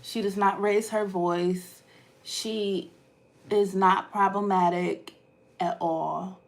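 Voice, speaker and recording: A woman vlogger from Ohio, telling stories casually to her live chat and swinging from hushed asides to loud outbursts. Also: medium pitch, steady tone, slow pace.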